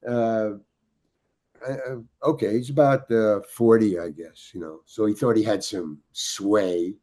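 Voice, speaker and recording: An older man, a podcast guest, telling a long anecdote in a halting way, restarting his sentences and acting out the dialogue. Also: fairly low pitch, steady tone, mellow. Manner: halting, many restarts, acts out quoted dialogue. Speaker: guest storyteller.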